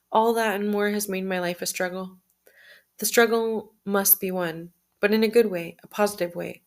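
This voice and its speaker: A woman with a medium-pitched voice reads aloud from her personal journal in the first person. Her pace is steady and measured, though she restarts now and then.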